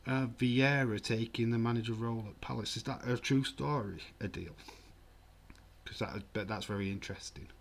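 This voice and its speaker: A man's voice: mid-range voice, normal speed, gravelly. A man streaming a live football watch-along, chatting casually and rambling with frequent restarts. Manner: rambling, self-correcting, chatty.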